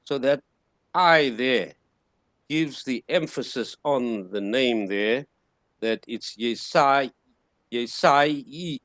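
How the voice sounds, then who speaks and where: A man teaching a classroom lesson, sounding out words slowly syllable by syllable and repeating them. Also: mid-range voice, a bit bright, dry recording, studio quality.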